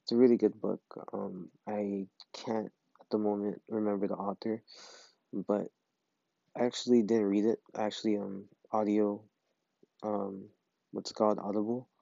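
A man's voice: lowish voice, little pitch movement, moderate pace, vocal fry, mellow, no room sound, dull audio. A man hosting a casual solo podcast from his bed, rambling with many fillers and hesitations. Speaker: podcast host. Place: bedroom, in bed.

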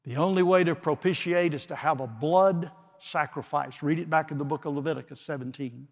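A man preaching a sermon with slow, dramatic delivery and long pauses, swinging from forceful declarations to hushed, quiet phrases. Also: fairly high pitch, gravelly. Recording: long reverb of a large hall.

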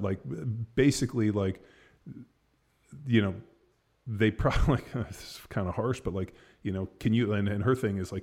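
A man's voice: lowish voice, normal speed, darkish tone. A man in his forties telling a story in casual chat, rambling with lots of fillers and blunt swearing.

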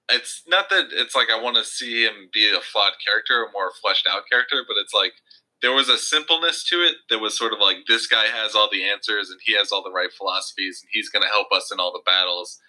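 Brief: low, very bright-toned man, chatty film-talk co-host. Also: poor audio. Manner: chatty, hedging, lots of fillers like "you know". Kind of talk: casual film review chat.

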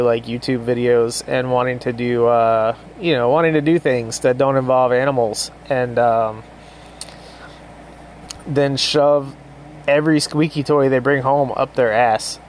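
A man in his thirties hosting a casual solo podcast at home, rambling and swearing through a deadpan mock ad with pets around him. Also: mid-range voice, slight background noise. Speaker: podcast host.

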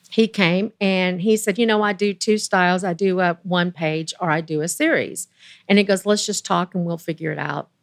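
An older woman, a guest in an interview, telling a personal story with deep emotion and quoting others as she goes. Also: dry recording. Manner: earnest, emotional, quotes others in lively voices.

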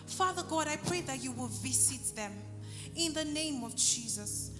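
A woman's voice: high voice, lively intonation, a little slow, big-room sound, music in the background. A woman, preaching a sermon and leading an altar call, pleading fervently and repeating her phrases. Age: 30s.

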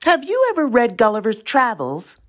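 A woman's voice: on the high side, huge pitch swings, moderate pace, voice pushed up. A woman voicing a strange, eager, awkward frog-like young boy who stammers and pleads in a storybook reading. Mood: odd, curious.

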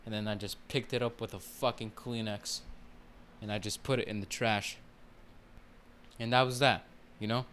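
A man hosts his own podcast and rants casually, rambling along with heavy profanity and plenty of fillers. His voice is lowish and a bit bright, with a steady tone and a moderate pace. There's a little hiss or hum in the recording.

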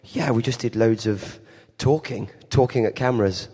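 A man's voice: mid-range voice, moderate pace, breathy edge. An English man in his thirties, a guest on a live podcast, chatting with lots of restarts and self-deprecating asides. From England. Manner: animated, self-deprecating, many restarts and fillers. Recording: live theater stage mic with hall reverb.

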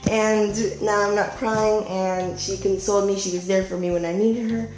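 A woman's voice: medium pitch, fairly even intonation, normal speed, a little mellow. A teenage girl vlogging a story time, rambling through heavy "like" fillers and acting out quotes in a raised voice. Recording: echoey room, faint music behind.

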